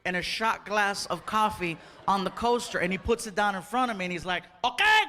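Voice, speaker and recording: A man's voice: sits high, brisk. A man doing stand-up comedy, animatedly telling a story and acting out the people in it. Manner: animated, acts out dialogue, laughing. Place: comedy stage before an audience. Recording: live show with audience laughter and noise.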